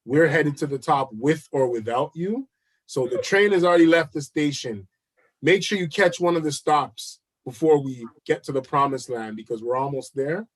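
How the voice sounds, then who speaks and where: Upbeat man pitching with emphatic repeats. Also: moderate pace. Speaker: guest. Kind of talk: live chat interview.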